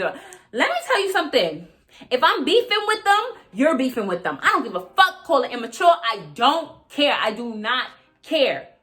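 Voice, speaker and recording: A young woman with ranting casually and profanely while recapping a reality show. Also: a little high. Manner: animated, profane, emphatic, repeats herself. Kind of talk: casual reaction rant.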